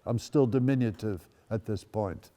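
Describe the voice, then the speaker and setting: A man in his eighties from the Netherlands speaks at a school event space as a guest, telling personal stories with wry, dry asides. His voice sits on the low side, mellow and at normal speed, with a big-room sound.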